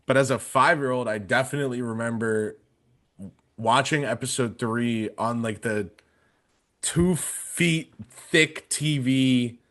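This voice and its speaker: A man's voice: mid-range voice, slow, a bit bright. A man in his twenties casually telling a story on a podcast, rambling with many fillers and restarts. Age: 20s. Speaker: podcast panelist.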